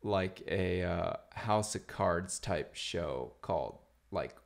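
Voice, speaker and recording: Low, gravelly male podcast host; relaxed, rambling delivery with lots of fillers. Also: takes it slowly. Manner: laid-back, rambling with many fillers. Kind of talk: casual chat.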